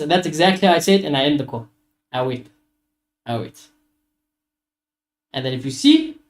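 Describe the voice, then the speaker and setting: A young man, ranting animatedly and swearing as he hosts a casual football watchalong stream. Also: high-pitched. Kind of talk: casual live-stream chat.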